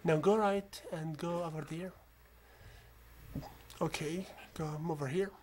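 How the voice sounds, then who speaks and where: A gamer with a non-native accent narrating a stealth game in a calm, coaching way, often dropping to a whisper. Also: mid-range voice, takes it slowly, slight background noise. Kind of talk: gameplay commentary.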